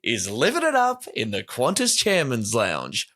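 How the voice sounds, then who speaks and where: Bright-voiced joking man. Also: mid-range voice, huge pitch swings, a little slow. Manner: jokey, swears freely, puts on silly accents. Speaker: podcast co-host. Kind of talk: casual comedic political chat.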